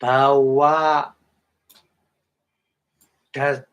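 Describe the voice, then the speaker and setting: A man giving a Dhamma talk in halting English, breaking Pali words into syllables, often chuckling and asking if listeners follow. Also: mid-range voice, little pitch movement. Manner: halting non-native English, chuckles often, checks understanding. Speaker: meditation teacher.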